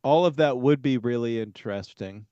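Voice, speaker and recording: A man's voice: mid-range voice, moderate pace, warm tone, smooth, no room sound, lo-fi sound. A man co-hosting a podcast, chatting casually and playfully acting out imagined scenes.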